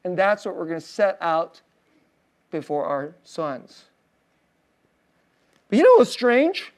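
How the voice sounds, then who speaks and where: A male pastor preaching a sermon in a casual, storytelling way, full of fillers and soft laughs, dropping to a hushed tender voice on emotional points. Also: high-pitched, sing-song, slow pace.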